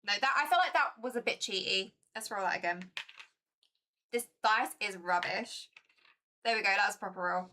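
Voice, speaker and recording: A young woman chatting casually as she streams a board game, talkative and easily excited. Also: mid-range voice, normal speed, a little hiss or hum.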